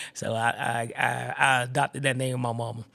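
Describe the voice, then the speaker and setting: A man shares his personal testimony as a podcast host. His voice carries a gravelly edge at a middle pitch. He tells it in an animated, expressive way and acts out the people in his story. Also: normal speed.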